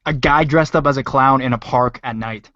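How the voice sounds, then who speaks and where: A man's voice: mid-range voice, normal speed, a bit bright, no room sound. A man hosting a live stream who prompts the caller with short reactions and clarifying questions. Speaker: host. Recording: dull lo-fi mic with faint noise.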